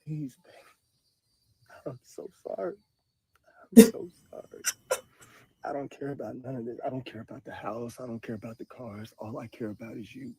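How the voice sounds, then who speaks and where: A man's voice: medium pitch, moderate pace, long pauses, dark tone, slightly rough, low-quality recording. A man playing a remorseful husband who pleads tearfully with his wife to take him back, in a comedy skit. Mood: pleading.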